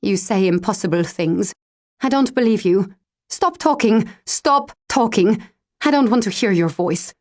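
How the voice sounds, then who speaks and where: A woman's voice: medium pitch, animated, unhurried, natural voice. A woman audiobook narrator voicing a proud, defiant young noblewoman with a hard-to-place foreign accent, speaking in a cold, cutting way. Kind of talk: audiobook character voice.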